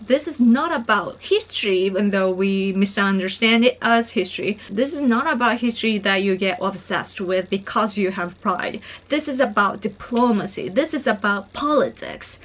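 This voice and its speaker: A woman from Japan speaks to her viewers in a hushed, even monotone, careful not to raise her voice. Her talk is casual and earnest, full of "like" and "you know", with small laughs slipped in. Her pitch sits in a middle range for a woman. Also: normal speed, hardly any pauses. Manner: monotone and soft-spoken, quiet so as not to disturb family. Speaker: political vlogger.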